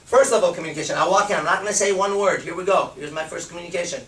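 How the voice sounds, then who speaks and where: A man giving a blunt, profane and animated seminar talk as a dating and confidence coach. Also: sits high, racing, echoey room, far from the mic. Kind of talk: seminar talk to a live group.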